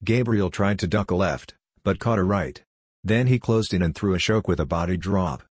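A man narrating an audiobook story in a steady, even way. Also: deep voice, moderate pace, husky, no room sound, clean studio sound.

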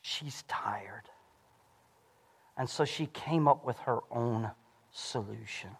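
A pastor preaching a sermon in a church, animated and swinging between shouting and hushed lows. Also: male voice, a little slow, vocal fry. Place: church sanctuary. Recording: long hall reverb.

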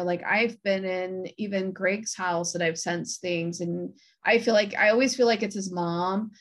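A woman hosts a round-table chat over a video call, her voice full of gravelly fry. She talks in a relaxed, conversational way and passes the turn to her guests. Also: medium pitch. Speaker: host. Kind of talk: casual chat.

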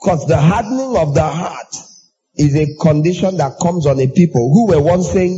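A man preaching a sermon in an animated way, acting out everyday exchanges in raised voices. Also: normal speed, slightly rough, dull audio. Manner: animated, acts out dialogue in high voices.

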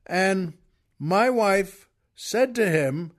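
Male host with a folksy, chatty storytelling manner and a voice pitched a bit high. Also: measured pace. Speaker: podcast host. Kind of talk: storytelling monologue.

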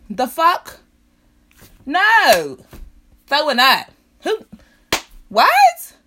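High bright-voiced woman ranting angrily. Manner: profane, heated, repetitive rant. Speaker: vlogger ranting about a salon visit. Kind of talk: angry storytime rant.

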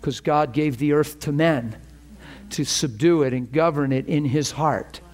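A man's voice: on the high side, measured pace, a little mellow. A man preaching a teaching sermon and telling his own testimony, earnest and emphatic, often repeating words as he builds a point.

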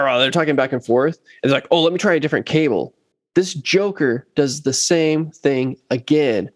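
A man in casual chat, telling a long story about a gig and acting out what others said in lively quoted voices. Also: on the high side, moderate pace, dry recording, clean studio sound. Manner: animated, acts out quotes of others. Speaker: bass player telling a story.

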